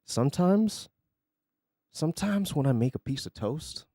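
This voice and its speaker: A man's voice: fairly high pitch, lively intonation, unhurried, dark tone, dry recording. Brief: young male streamer, ranting casually and sarcastically, bouncy tone, dry close mic. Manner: sarcastic, profane, rambling. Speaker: live streamer. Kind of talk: casual chat on a live stream.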